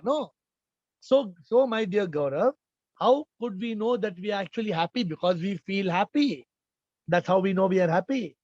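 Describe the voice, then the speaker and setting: A man's voice: high voice, expressive, moderate pace, dry recording, dull audio. A man as a spiritual teacher answering audience questions in an informal talk, repeating phrases and often checking with his listeners. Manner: repetitive, emphatic, questioning the audience.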